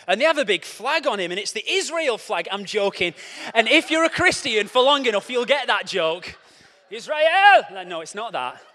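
Young guy preaching, high voice, joking around, big echoey hall. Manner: playful, animated, acts out scenes with quoted voices. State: out of breath after a race. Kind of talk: lively sermon with jokes. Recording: long hall reverb.

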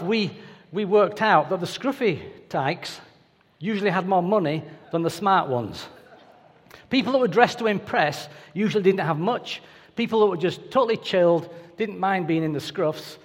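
A man's voice: sits high, animated, moderate pace. A man preaching a sermon in a conversational, anecdotal way with playful asides. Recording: reverberant hall.

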